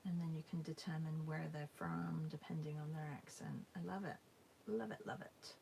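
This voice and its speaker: A woman leads a live drawing class and chats casually as she works. Her voice is lowish and slightly gravelly, and she talks slowly and softly. She often slips into a half-whisper over faint background noise. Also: steady tone, poor audio. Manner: soft and musing, often dropping to a half-whisper. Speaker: art teacher hosting a live drawing class. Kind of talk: casual chat while drawing.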